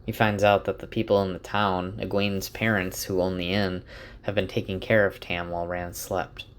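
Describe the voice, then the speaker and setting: Man, low voice, casual storytelling, relaxed retelling. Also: normal speed, a little hiss or hum. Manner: relaxed, slight restarts. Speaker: book summarizer.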